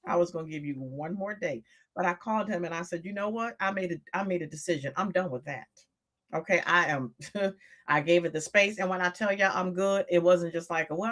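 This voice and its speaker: A woman's voice: fairly low pitch, fairly bright tone. A woman in her sixties, a coach talking on a live stream, emphatic and repeating phrases for stress.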